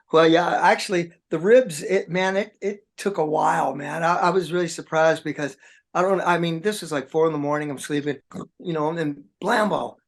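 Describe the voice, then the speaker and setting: A rock drummer tells long, rambling stories during a casual interview chat, saying "man" and "dude" a lot. His voice is fairly high, at a moderate pace.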